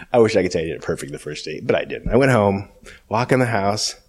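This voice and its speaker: Animated man telling a faith testimony. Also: lowish voice, brisk. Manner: conversational, acts out dialogue in shifting voices; frequent asides like "okay?" and "you know". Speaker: speaker giving a personal testimony. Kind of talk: personal testimony storytelling.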